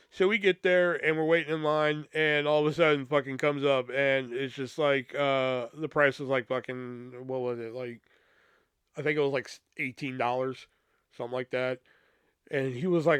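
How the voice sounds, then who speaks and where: Brief: man podcaster, raised pitch, profane rambling storyteller, dry close sound. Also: expressive, normal speed, a bit bright, clean tone, no room sound. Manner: profane and rambling, full of fillers and asides. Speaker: podcast host. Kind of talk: casual comedic storytelling.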